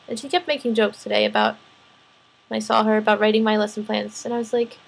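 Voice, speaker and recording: A young woman in her twenties, a student teacher, talking through her week in a rambling, animated vlog, sounding tired. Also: mid-range voice, fast talker, creaky, breathy edge, rough recording. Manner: rambling, animated, restarts and laughs often. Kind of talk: casual personal vlog venting.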